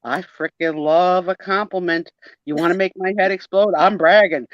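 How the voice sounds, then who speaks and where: A woman co-hosting a live photo sale, chatting warmly and telling a story with laughs. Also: lowish voice, animated, unhurried, no echo. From Italian-American family. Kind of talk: casual livestream chat. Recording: dull dry sound of a video call.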